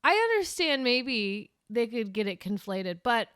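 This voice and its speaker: A woman with a lively, expressive pitch co-hosts a comedy podcast. She asks questions and teases with a straight face. The sound is dry and close to the mic. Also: unhurried, smooth, dry recording. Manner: playful questioning, straight-faced teasing. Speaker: podcast co-host. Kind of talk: comedic casual chat.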